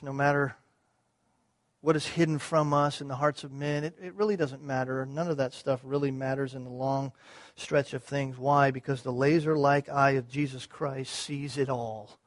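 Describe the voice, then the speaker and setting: A pastor preaches a sermon that moves from quiet, measured teaching to loud, rising passages, using repeated phrases and rhetorical questions. His voice is medium-pitched, with no echo.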